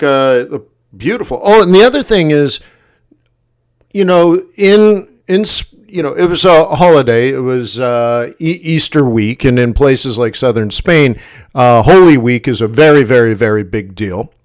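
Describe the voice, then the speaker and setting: A man hosting a casual livestream, telling a story in an animated way, often acting out quoted voices and laughing. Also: a little high. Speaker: forex livestream host.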